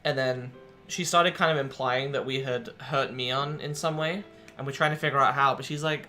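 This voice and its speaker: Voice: mid-range voice, steady tone, moderate pace, few pauses, sharp tone, soft background music. A streamer casually recapping a visual novel in a rambling way with lots of fillers. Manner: rambling, chatty, many fillers.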